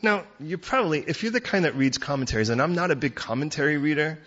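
Husky preaching man, dull recording. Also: fairly high pitch, expressive. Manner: conversational preaching, building to loud fast bursts then dropping soft. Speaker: pastor. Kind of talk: sermon.

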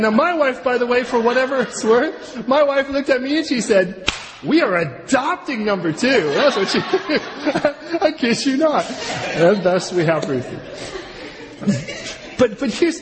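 A middle-aged man preaching a sermon, telling the story with humor and acting out the people he quotes. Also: sits high. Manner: animated, jokey storytelling with quick voiced asides. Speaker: pastor. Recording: long hall reverb, faint room noise.

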